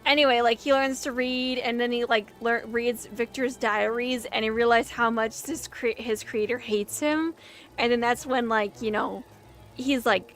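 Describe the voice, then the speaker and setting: A young woman casually chatting while reacting to a silent film, rambling excitedly and filling her talk with "like". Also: fairly high pitch, a little slow, soft background music. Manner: rambling and excitable, heavy use of "like".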